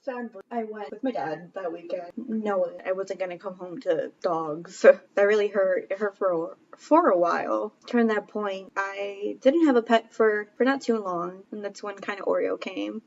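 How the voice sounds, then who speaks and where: A woman's voice: medium pitch, normal speed, creaky, few pauses, a little mellow, highs cut off, slight background noise. A woman in her twenties co-hosting a podcast, telling stories casually, laughing often and acting out what people said. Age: 20s. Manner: chatty, laughs often, acts out quoted dialogue. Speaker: podcast co-host. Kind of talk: casual storytelling chat.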